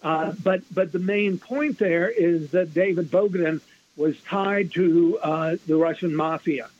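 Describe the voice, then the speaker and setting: A man speaking as an author guest in a radio interview, talking quickly and emphatically with frequent restarts. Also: on the high side, a little mellow. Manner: fast, restarts a lot, emphatic. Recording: muffled lo-fi radio broadcast.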